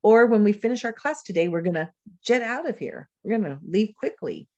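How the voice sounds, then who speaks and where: A woman's voice: medium pitch, lively intonation, brisk, a little mellow, dry recording, muffled recording. Woman giving a teacher-training webinar. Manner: explanatory, modeling words and phrasing for students. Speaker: presenter. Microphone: computer mic on a video call.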